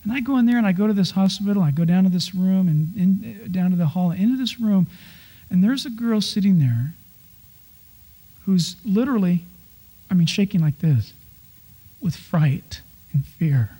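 Preaching with animated flair, a male pastor tells stories and plays out people's complaints using exaggerated voices. His pitch sits high and he talks at a normal speed.

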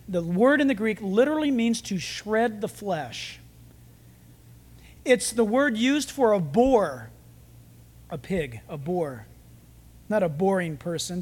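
High-voiced male pastor preaching. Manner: conversational storytelling with jokes. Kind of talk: sermon.

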